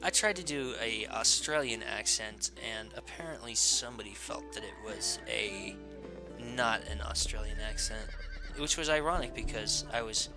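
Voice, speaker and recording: A man's voice: on the low side, moderate pace. A tired man casually commenting on his gameplay as a let's play host, rambling and joking at his own expense. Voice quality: rambling, self-deprecating, jokey. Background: game music.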